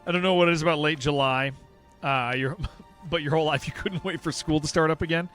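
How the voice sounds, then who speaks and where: A man's voice: on the high side, brisk, fairly bright tone, soft background music. A man streaming a game, chatting casually with viewers in a rambling, joking way and laughing often. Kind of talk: casual livestream chat while playing.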